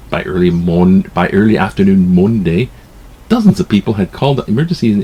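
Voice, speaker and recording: A man with a low, gravelly voice reads newspaper items aloud at home, breaking off into jokey, rambling asides. His pitch swings widely as he goes, and he trips over words mid-sentence before pushing on. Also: darkish tone, a little hiss or hum. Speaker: vlogger reading the newspaper. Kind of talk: casual newspaper read-aloud with commentary.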